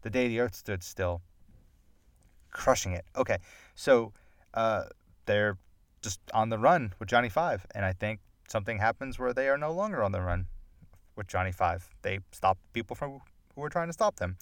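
A man's voice: lowish voice, lively intonation, moderate pace, dry recording, studio quality. A man hosting a podcast on his own, rambling through loose casual chat, drifting off topic and making fun of himself. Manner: rambling, digressive and self-deprecating. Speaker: podcast host.

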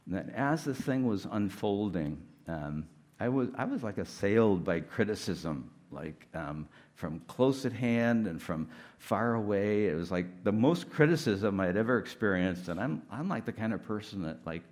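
A man's voice: on the low side, animated, normal speed, a little mellow. A middle-aged man giving a conversational sermon as a guest speaker, candid and self-deprecating, with many "like" fillers.

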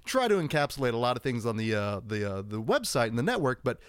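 A relaxed man chatting as a podcast host, full of easy fillers. His voice is smooth and resonant, with a dry, close sound and no room around it. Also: mid-range voice, fast, no room sound. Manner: laid-back, loose, many fillers and "you know". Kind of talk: casual podcast banter.

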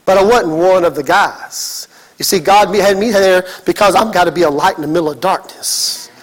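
A middle-aged man preaches with big, emphatic energy, cracking jokes and climbing to shouts. His voice sits unusually high for a man, bright and lifting at every push. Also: normal speed. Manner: animated, emphatic, joking, builds to shouting. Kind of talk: energetic sermon.

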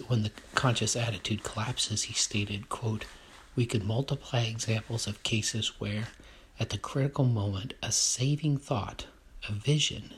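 A man reading a text on leadership aloud, then commenting on it in a hesitant, measured way. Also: on the low side, slightly rough.

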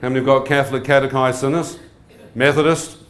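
A man telling his testimony as a lively sermon to a live audience, joking and often asking the crowd questions. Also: mid-range voice, quick pace. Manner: humorous, asks the crowd frequent questions. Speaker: preacher giving testimony. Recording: echoey hall.

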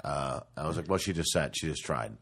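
A very low-voiced man, a comedian spinning a casual, profane anecdote. He slips into the other people in the story as he tells it, voicing both sides of every exchange. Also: a little fast, a bit bright, breathy edge. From New York.

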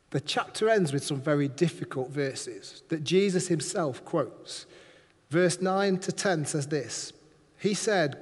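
Preacher, male, high voice, animated and playful, big hall reverb. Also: unhurried. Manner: lively, playful, acts out quoted voices. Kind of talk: sermon.

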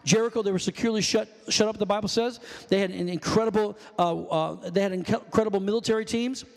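A man preaching a fervent sermon in a church, often shouting calls to the congregation. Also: high-pitched, steady tone, fast, vocal fry. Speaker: pastor. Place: church sanctuary. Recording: long hall reverb.

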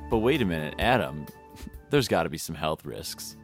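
A man as the wide-eyed customer in a spoof infomercial, feigning astonishment. His voice sits low but swings widely, with faint music behind. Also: very animated, normal speed. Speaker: podcast cohost.

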